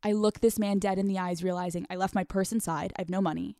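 A young American woman telling a comedic story, profane and lively, acting out the people in it. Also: mid-range voice, fast talker, no room sound, studio quality. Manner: animated, profane, acts out quoted voices. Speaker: podcast host.

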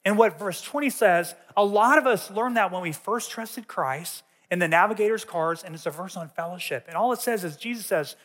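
A man's voice: high-pitched, moderate pace, hardly any pauses, a bit bright. A man teaching a sermon in a conversational way, telling personal stories to a church audience. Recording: long reverb of a large hall.

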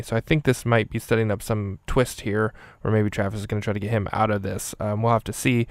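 Fast-talking gravelly man recapping a film. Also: lowish voice, level tone, no echo. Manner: casual, rambling, many "uh" fillers. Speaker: movie reviewer. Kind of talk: minute-by-minute film recap and rating.

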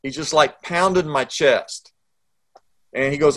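A man's voice: on the high side, slow pace, pauses often, fairly bright tone. A middle-aged man, a pastor telling a story in an interview and acting out the dialogue.

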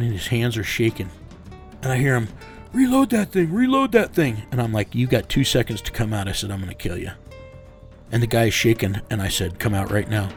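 A man being interviewed, recounting a raid in low, measured storytelling that sinks to a menacing hush. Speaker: interview guest.

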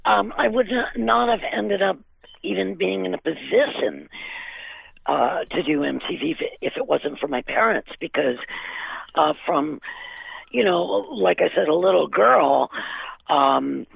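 An older woman telling lively stories as an interview guest, laughing often and using many fillers. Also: fairly low pitch, unhurried, creaky, slightly rough, no echo. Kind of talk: casual storytelling. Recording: dry tinny phone line.

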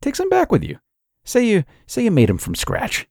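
A man's voice: high-pitched, huge pitch swings, moderate pace, gravelly, darkish tone, dry recording, studio quality, voice pushed up, exaggerated voice. A man doing a chatty, friendly male neighbor. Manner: chatty, easygoing, a little evasive. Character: friendly adult male neighbor, cheerful baker.

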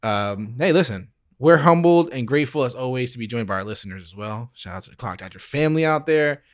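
A man hosting a casual sports podcast, laid-back and quick to laugh, with lots of "like" and "bro". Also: mid-range voice, animated. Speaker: podcast host.

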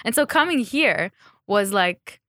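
A woman's voice: mid-range voice, expressive, a little slow, sharp tone, no echo, clean studio sound. A woman fashion designer chatting in an interview, laughing often and acting out what people said to her. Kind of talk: casual interview chat. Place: Dubai.

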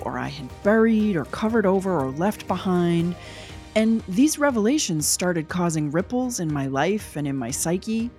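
A woman in her forties hosting a podcast, talking in a reflective, storytelling way with a gravelly, nasal voice from a cold. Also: medium pitch, darkish tone. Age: 40s. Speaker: podcast host. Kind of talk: podcast intro narration and interview.

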